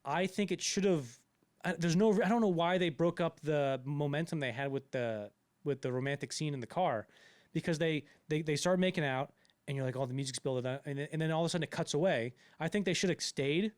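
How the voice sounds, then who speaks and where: A man's voice: a little high, a little fast, dry recording. A man co-hosting a casual podcast about a film, rambling with lots of fillers and restarts. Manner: rambling, many fillers and restarts, acts out quotes. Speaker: podcast co-host.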